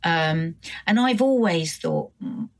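A middle-aged British woman co-hosting a podcast, chatting casually with frequent halting restarts. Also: on the low side, huge pitch swings. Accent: British English. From Britain. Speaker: podcast co-host. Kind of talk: casual chat.

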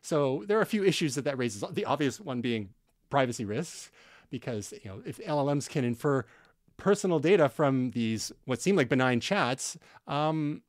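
A man's voice: mid-range voice, animated, moderate pace, no room sound, clean studio sound. A man from Canada co-hosting a tech podcast, explaining news in a casual, conversational way with fillers and restarts. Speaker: podcast co-host.

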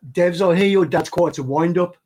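A man's voice: high-pitched, moderate pace, a little mellow. A man on a chat show who adds up donations and reads out listener messages, with hesitant fillers. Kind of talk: casual chat. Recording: faint background noise.

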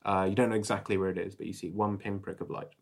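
A man running a tabletop horror game as game master, relaxed and laughing easily between descriptions. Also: sits low, fast.

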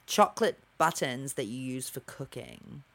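A young man co-hosting a casual podcast, telling stories in an animated, playful way. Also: medium pitch, unhurried. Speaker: podcast co-host. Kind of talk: casual chat.

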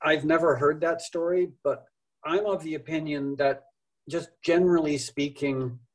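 A man's voice: fairly high pitch, steady tone, normal speed, low-quality recording. A middle-aged man, a musician guest on a podcast, talking in a wry, thoughtful, rambling way with self-deprecating humor. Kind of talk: casual interview conversation.

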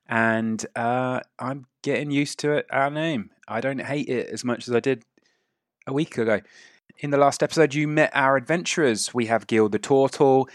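A man's voice: mid-range voice, no room sound, studio quality. A man hosting and narrating a tabletop game as game master, describing scenes at length with many fillers.

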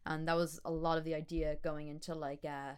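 A woman's voice: low-pitched, level tone, brisk, smooth. Chatty young woman. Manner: chatty, laughing, many fillers like "like". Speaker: musician guest. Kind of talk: casual podcast interview.

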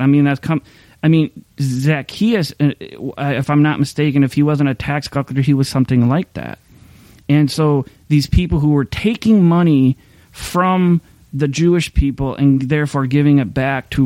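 Male pastor, informal sermon delivery; mellow tone, dry close sound, loose and rambling with restarts. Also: medium pitch, no echo. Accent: Upper Midwest American. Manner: rambling, conversational, many restarts and fillers.

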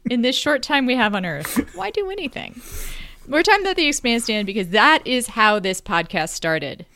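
A middle-aged woman co-hosting a casual podcast, with wry, deadpan humor and playful rhetorical questions. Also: fairly high pitch, normal speed. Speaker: podcast co-host.

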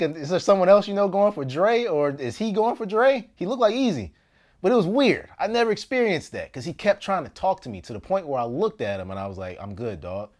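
A man tells a story from his own life in a loose, comedic way, his pitch swinging high and low as he goes. He laughs often, gets loud in the exciting moments and drops to a near hush for asides. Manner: animated, laughs often, jumps between loud bursts and hushed asides. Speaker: actor.

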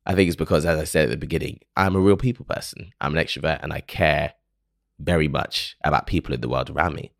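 Very deep, gravelly man musing earnestly. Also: steady tone, fast, dry recording, studio quality. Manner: earnest, emotional, self-questioning. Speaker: podcast host. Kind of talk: reflective solo monologue.

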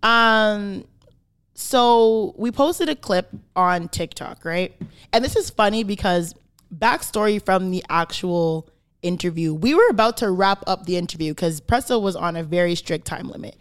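A woman's voice: medium pitch, unhurried, smooth. A woman from Canada hosting a podcast, explaining her point in casual chat and checking in with "right?". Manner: emphatic, explaining with repeated "right?". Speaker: podcast host.

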